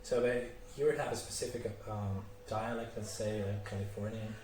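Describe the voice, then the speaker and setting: A man's voice: lowish voice, steady tone, normal speed, darkish tone. A man hosting his channel, interviewing a guest with loose questions full of fillers. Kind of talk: casual interview. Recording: echoey, distant, with ambience.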